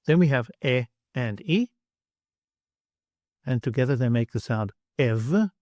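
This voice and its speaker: Slow, deliberate male language teacher. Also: mid-range voice, expressive, a little mellow, dry recording, studio quality. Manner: repeats each example word twice, exaggerating pronunciation. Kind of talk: slow, deliberate pronunciation lesson.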